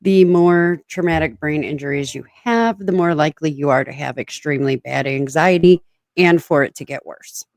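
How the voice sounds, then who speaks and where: A woman's voice: deep voice, normal speed, darkish tone, dry recording. A woman hosting a podcast, chatting casually, teasing her guest and laughing often. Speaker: podcast host.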